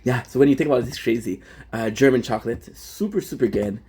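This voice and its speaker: A man's voice: medium pitch, fast talker, darkish tone, slight background noise. A young French-Canadian man, native French speaker, rambling casually on a live stream and answering chat with many fillers. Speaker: livestreamer.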